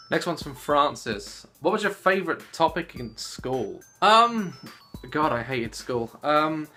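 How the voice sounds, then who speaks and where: A young man in his late twenties chats to camera with a bright, forceful voice, laughing often and bouncing between jokes. Soft music plays quietly underneath him. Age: 20s. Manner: giggly and animated, jumping into squeaky voices. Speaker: YouTuber answering fan questions. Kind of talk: casual Q&A vlog.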